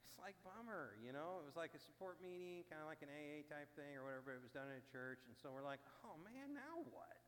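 A man's voice: on the high side, fast, hardly any pauses. Man preaching in an echoey hall. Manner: animated, acts out the people he quotes. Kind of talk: sermon storytelling. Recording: long hall reverb with faint hum.

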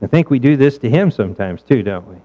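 A man's voice: medium pitch, lively intonation, fast talker, dull audio. A male pastor preaching a sermon in a conversational way, asking his listeners rhetorical questions.

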